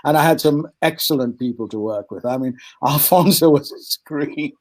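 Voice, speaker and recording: A man's voice: fairly high pitch, moderate pace, low-quality recording. An older man with a British accent, an actor telling stories as a podcast guest and acting out the voices of the people in them. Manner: animated storyteller, acts out voices, frequent laughs and restarts. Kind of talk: storytelling in a podcast interview.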